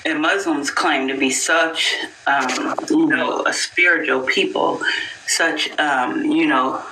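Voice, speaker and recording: A man's voice: a little high, takes it slowly, sharp tone, reverberant, slight background noise, low-quality recording. A man speaking on a live stream in an emphatic, declarative way.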